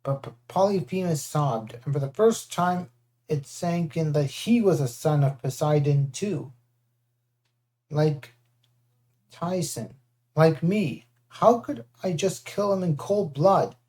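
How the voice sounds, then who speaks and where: Mellow-voiced first-person audiobook narrator. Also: medium pitch, slow pace. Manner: lively, with character voices.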